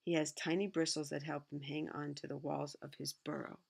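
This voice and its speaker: A woman voicing a patient mother in a picture book, explaining something to her little girl in her own gravelly voice. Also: low-pitched, level tone, brisk, a little mellow, full character voice.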